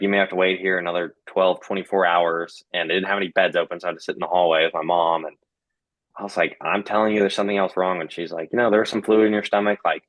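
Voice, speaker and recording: Deep-voiced man telling his story. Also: fairly bright tone, no room sound. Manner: conversational, many fillers and quoted dialogue. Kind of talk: casual storytelling.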